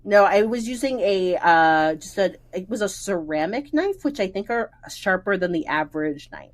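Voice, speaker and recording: A woman's voice: mid-range voice, moderate pace. A woman in her thirties from the American Midwest, co-hosting a podcast and telling a story, acting out what people said with lots of "like". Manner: animated storyteller, acts out quotes, frequent "like". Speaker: podcast co-host. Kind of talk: casual chat, storytelling.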